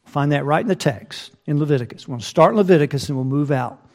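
A man's voice: on the high side, fast, creaky, a little mellow. A man preaching a sermon, reading scripture aloud and asking the listeners rhetorical questions. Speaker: pastor.

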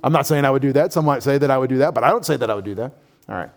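A man preaching a sermon as pastor, with animated delivery, humorous asides and lively quoted voices. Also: medium pitch, racing.

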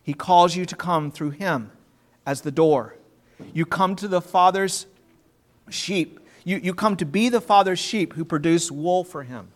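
A man's voice: high voice, a little slow. A man preaching a sermon in an earnest, emphatic way, drawing out key words and repeating himself as he restarts.

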